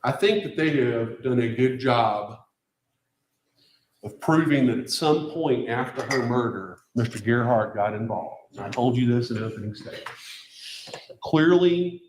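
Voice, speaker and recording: A man's voice: medium pitch, a little hiss or hum. A man, a defense attorney, giving an emphatic closing argument to a jury with pointed rhetorical questions, recorded at a courtroom podium mic. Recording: echoey courtroom.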